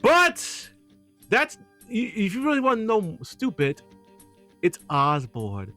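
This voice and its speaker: A man's voice: high-pitched, slow pace, faint music behind. A man in a casual chat about a film, retelling scenes with lots of laughing and acted-out lines. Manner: animated, acts out movie lines, laughs often. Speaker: co-host. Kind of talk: casual movie discussion.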